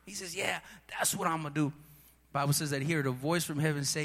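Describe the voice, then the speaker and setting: A man preaching a sermon with rising passion, often calling out to his listeners as brother and sister, and at times shouting. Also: fairly high pitch, fast talker. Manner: impassioned preaching, building to shouts. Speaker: pastor. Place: church hall. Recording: long hall reverb.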